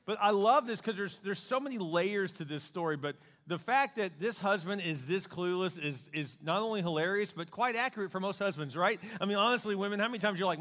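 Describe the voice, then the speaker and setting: A male pastor preaching a sermon in a conversational, joking and animated way. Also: high voice, long reverb tail.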